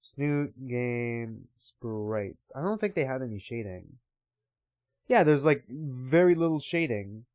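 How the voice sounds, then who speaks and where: Rambling, animated young male streamer. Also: medium pitch, normal speed. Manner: rambling, swears freely. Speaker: game streamer. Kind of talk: casual gameplay commentary and reading aloud.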